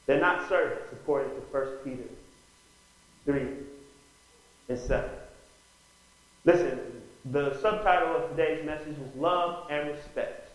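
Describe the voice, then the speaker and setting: A man's voice: fairly high pitch, a little slow, pauses often. A man preaching a sermon as pastor, calling out "Amen?" to the congregation and rising into bursts of emphasis. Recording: very echoey room.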